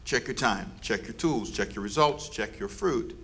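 A man's voice: mid-range voice, animated, moderate pace, vocal fry, fairly bright tone. A man preaching as pastor, leading his congregation in call and response and teasing them playfully. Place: church service before a congregation.

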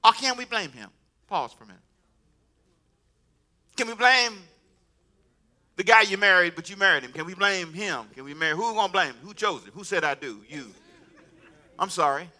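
Preaching at a moderate pace with long pauses, a high-pitched pastor keeps things humorous and animated, joking with the congregation and breaking into laughter.

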